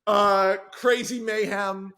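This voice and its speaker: A screenwriter appears as a podcast guest, talking casually in a very high, bright voice that's smooth and unhurried. He spins an animated, rambling story full of asides and side comments, his tone sharp and forward.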